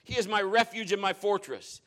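A middle-aged man preaching a sermon as pastor, emphatic, swinging from loud declarations to hushed asides. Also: high voice, a little fast.

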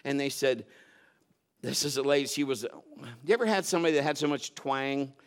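A man preaching a sermon, telling stories and swinging between loud emphatic bursts and quiet low asides. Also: a little fast.

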